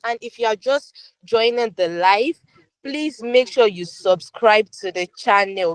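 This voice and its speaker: Woman, live-stream tutor, fairly high voice, dry close sound, chatty and repetitive. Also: dry recording. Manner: upbeat, repeats phrases, many fillers. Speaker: online class tutor. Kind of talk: live-stream class chat, reading viewer comments.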